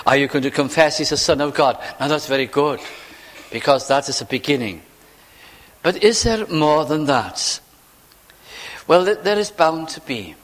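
A man's voice: fairly high pitch, fairly bright tone, slightly rough. Man preaching in a reverberant hall. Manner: conversational preaching with rhetorical questions; slows for scripture quotations. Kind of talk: sermon. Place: church.

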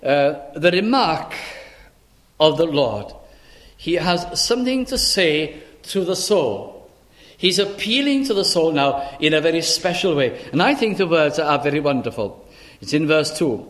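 Earnest, higher-voiced male preacher. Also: big pitch swings, moderate pace, a bit bright. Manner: earnest, pleading, with repeated rhetorical questions; quotes old-style scripture wording. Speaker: minister. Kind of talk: sermon.

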